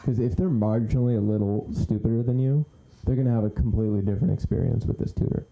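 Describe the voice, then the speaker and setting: A man's voice: on the low side, quick pace, creaky, lo-fi sound. A man doing stand-up storytelling at an open mic, brash and loose with plenty of swearing. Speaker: stand-up comic. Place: small comedy club stage.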